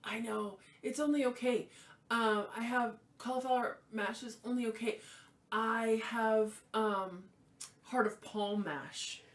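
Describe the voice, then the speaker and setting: A woman's voice: fairly high pitch, fairly even intonation, takes it slowly, distant mic. A woman co-hosting a casual livestream, chatting and laughing about food and drinks. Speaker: co-host. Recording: echoey room, off-mic.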